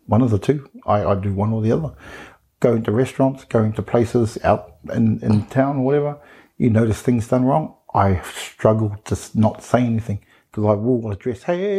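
A man co-hosting a casual teaching podcast, telling stories with energy and acting out the voices. His tone is low, dark and a little husky. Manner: animated storyteller, keeps saying "bro", acts out voices.

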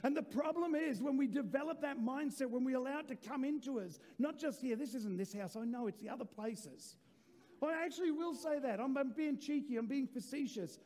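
Male pastor, high voice, dark mellow tone, preaching with shouted emphasis and cheeky asides, long reverb of a church hall. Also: a little fast. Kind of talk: sermon.

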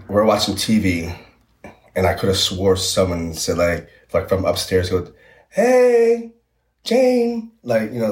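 A man's voice: deep voice, roomy sound. A young man as a podcast guest, chatting casually and rambling with many fillers and restarts. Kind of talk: casual chat.

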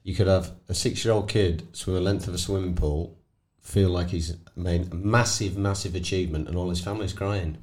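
Low-voiced enthusiastic podcast host. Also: male voice, fairly even intonation, moderate pace, few pauses, darkish tone. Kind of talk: casual podcast chat.

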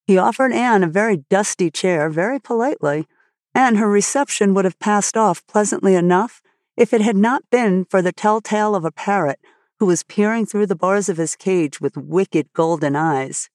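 A woman narrating a classic story as an audiobook podcast host, reading in a measured, expressive way. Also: medium pitch, no echo, studio quality.

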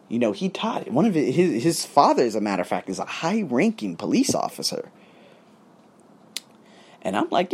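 A man's voice: fairly high pitch, brisk, long pauses, breathy edge. A man, an English tutor, telling a casual motivational story, acting out both sides of conversations and swearing freely. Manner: animated, acts out both sides of dialogues, swears.

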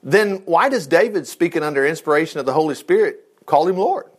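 Male preacher, sermon delivery, reads scripture with jokey asides, pitch sits a bit high. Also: a little fast, slightly rough. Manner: animated, jokey asides between reading passages. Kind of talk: sermon reading and commenting on scripture.

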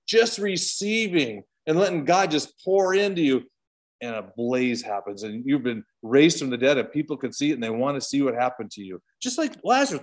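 A man with a Canadian accent teaching a casual Bible study, talking conversationally with rhetorical questions and tangents. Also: fairly high pitch.

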